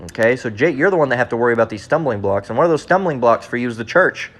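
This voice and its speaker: A man preaching in a blunt, confrontational way, repeating his points and reading scripture slowly and deliberately. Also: medium pitch, lively intonation, fairly bright tone. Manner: blunt, repetitive, keeps asking "all right?"; reads verses slowly and deliberately. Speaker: street preacher.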